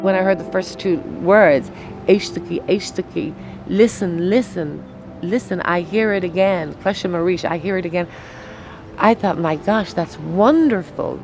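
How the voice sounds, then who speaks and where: Woman, lowish voice, storytelling, soft music underneath. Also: normal speed. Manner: animated storyteller acting out quoted dialogue. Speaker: singer interviewee. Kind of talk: documentary interview recollection.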